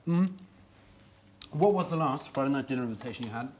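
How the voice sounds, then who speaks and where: A man's voice: mid-range voice, animated, brisk, a little mellow, a little hiss or hum. Playful male talk host. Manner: playful, teasing, with ironic asides. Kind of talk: casual dinner talk show.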